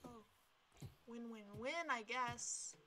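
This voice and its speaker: A young woman casually commentating her own gameplay, playful and talking to herself in cutesy baby words, with sudden gasps and shouts. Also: fairly high pitch, level tone, slow, heavy background noise. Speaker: gameplay video creator.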